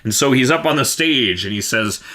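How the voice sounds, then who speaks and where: Male band member co-hosting a casual podcast; bright tone, rambling delivery, laughs a lot. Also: medium pitch, animated, moderate pace. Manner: rambling, laughs often, lots of fillers. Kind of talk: casual chat.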